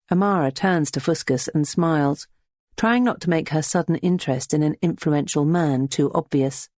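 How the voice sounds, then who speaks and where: A narrator reads a historical novel aloud in a steady, even storytelling manner. The voice sits at a middle pitch. The recording is dry and close. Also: normal speed, no room sound. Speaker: audiobook narrator. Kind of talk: scripted narration.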